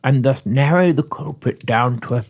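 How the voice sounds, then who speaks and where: A man playing an earnest male elf in whispered role-play, his voice husky and breathy as he speaks in a hushed, conspiratorial tone. His intonation rises and falls in lively swings. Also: mid-range voice, moderate pace, pitched below the performer's own voice.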